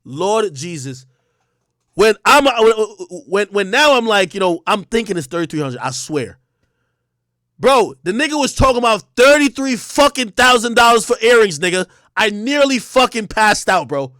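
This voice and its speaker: High-voiced guy telling a story on stream, swoops all over, cussing and laughing, dry mic. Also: big pitch swings, moderate pace, a bit bright, no echo. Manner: profane, laughing, acts out both sides of the dialogue. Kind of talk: animated storytelling on a livestream.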